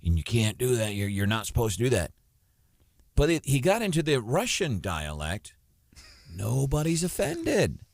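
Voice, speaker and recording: A man hosting a talk radio show, opinionated and animated. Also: mid-range voice, moderate pace, no room sound. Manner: opinionated, animated, takes calls. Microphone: studio microphone.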